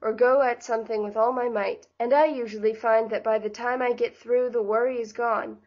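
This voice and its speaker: A woman reading the part of a cheerful, bustling young woman in an audiobook, with a brisk, bright delivery. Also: a little high, fairly even intonation, highs cut off, lightly acted.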